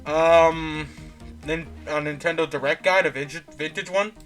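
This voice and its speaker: A man's voice: on the high side, fairly even intonation, moderate pace, fairly bright tone, soft background music. A young man reading a visual novel aloud as a let's play host, often stumbling, correcting himself and adding joking asides.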